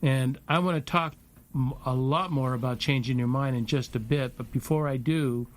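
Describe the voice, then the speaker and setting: A middle-aged man hosting a talk radio show, speaking in a halting way and repeating words as he thinks. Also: mid-range voice, slight background noise. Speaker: host.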